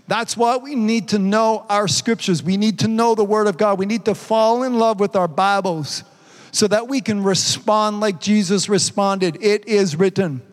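A man's voice: high-pitched, steady tone, normal speed. An older man preaching a fervent sermon as pastor, constantly punctuating his points with "amen" and "praise God.". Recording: long reverb in a large hall.

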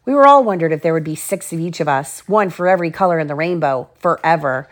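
A mother reading a children's picture book aloud at home, slow and clear, with little side remarks to her kids. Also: low-pitched, animated.

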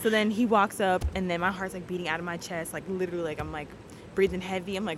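A woman telling a casual story as a guest, animated and acting out her own thoughts and the quotes in it. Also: lowish voice, quick pace, background noise. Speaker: guest telling how she met her partner.

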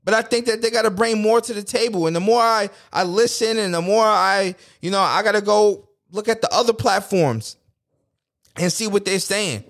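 A man's voice: sits high, moderate pace, creaky, a bit bright. A man, hosting a podcast in a blunt, profane, rambling rant. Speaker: podcast host. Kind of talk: casual political rant.

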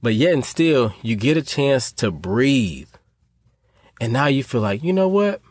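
A man hosts a motivational podcast, speaking earnestly to his listeners. His voice sits at an ordinary middle pitch. The sound is dry and close, with no room echo. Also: lively intonation, measured pace, husky. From North Carolina. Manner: earnest, preachy, addresses listeners as y'all. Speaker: podcast host.

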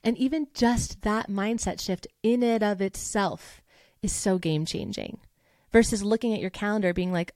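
A woman's voice: mid-range voice, normal speed, darkish tone, no echo, studio quality. A woman hosting a podcast as a voice teacher, talking in a casual, upbeat and motivational way and acting out the thoughts she quotes. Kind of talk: casual solo podcast talk.

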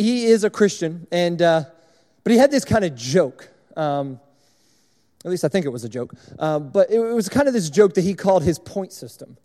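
A young man gives a sermon in a large hall, talking to the room in a relaxed, conversational way. His voice sits high but sounds mellow. A long reverb trails each phrase. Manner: conversational, illustrative, repetitive. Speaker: speaker at a church service.

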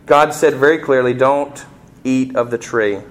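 A middle-aged man preaching a sermon, asking the congregation rhetorical questions and rising sharply in pitch and volume on emphatic points. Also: steady tone, unhurried. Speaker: pastor.

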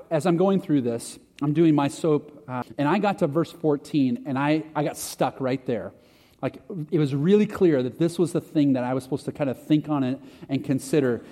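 A man with a warm, higher voice preaches casually, his sermon conversational and self-deprecating. This pastor restarts his lines now and then, and a long hall reverb surrounds him.

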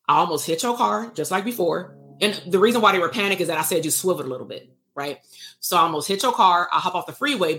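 A woman therapist talks her audience through an exercise in an easygoing livestream style. Her voice sits low yet moves up and down expressively. She stays animated and playful and drops casual swear words. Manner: animated, acts out exchanges, laughs and swears casually. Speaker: therapist leading workshops. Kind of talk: casual livestream teaching talk.

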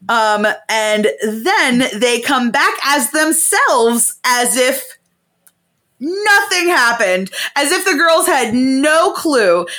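A young woman casually retelling a play's plot with plenty of swearing, slipping into quick character voices. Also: high voice. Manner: swearing, animated play-by-play with put-on voices for characters. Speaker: podcast co-host. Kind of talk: casual chat, retelling a play.

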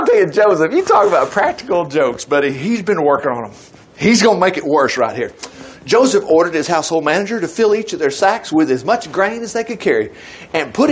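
Male preacher, folksy and chatty, fairly high voice, faint hiss behind. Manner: folksy, chatty, joking asides between readings. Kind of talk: sermon reading scripture with asides.

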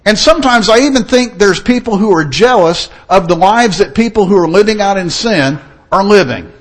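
A man's voice: high-pitched, lively intonation, normal speed. A man preaching a sermon in an earnest, storytelling manner. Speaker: pastor.

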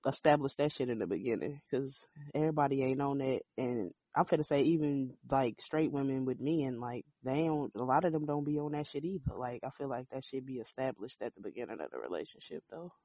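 A woman's voice: very deep voice, brisk, few pauses, mellow, dry recording. A woman co-hosting a podcast, talking in a blunt, emphatic casual chat and swearing freely. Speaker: podcast co-host. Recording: dull lo-fi sound.

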